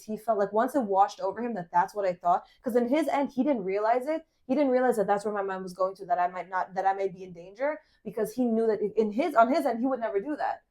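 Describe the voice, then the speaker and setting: A young woman hosting a podcast, telling a dating story in casual chat, animated and swearing, full of fillers. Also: medium pitch. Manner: animated, swearing, many fillers, acts out quoted lines. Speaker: podcast host.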